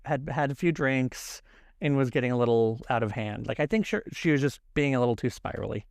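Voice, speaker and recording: A young man co-hosting a podcast, chatting casually and expressively, quick to agree and laugh. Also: mid-range voice, clean tone, no room sound, clean studio sound. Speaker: podcast co-host. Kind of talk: casual chat recapping reality TV.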